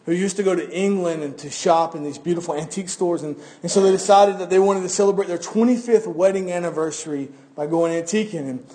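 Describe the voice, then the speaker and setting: High-voiced pastor, earnest sermon. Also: male voice, fast talker, few pauses, warm tone. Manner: earnest, repeats words when starting phrases. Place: church service.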